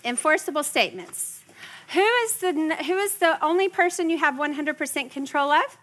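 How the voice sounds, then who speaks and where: A woman's voice: sits high, lively intonation, moderate pace, fairly bright tone. A middle-aged woman teaching a parenting class in a chatty way, often checking in with her listeners. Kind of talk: workshop teaching to a live group.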